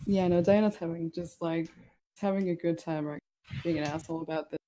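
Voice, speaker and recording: A woman playing a tabletop game, chatting casually in a giggly, soft-spoken way. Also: lowish voice, steady tone, brisk, poor audio. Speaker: player.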